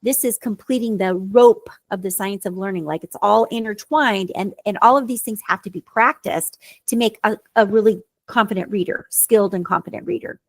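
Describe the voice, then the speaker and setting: A woman's voice: medium pitch, moderate pace, few pauses, no echo. Earnest woman tutor explaining. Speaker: tutor and podcast co-host. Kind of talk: casual educational chat.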